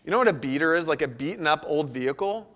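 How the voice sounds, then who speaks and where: A middle-aged man with a high-pitched voice preaches a sermon to his congregation. He tells a family story and keeps it conversational, asking the listeners questions as he goes. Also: expressive, fast, fairly bright tone. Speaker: pastor.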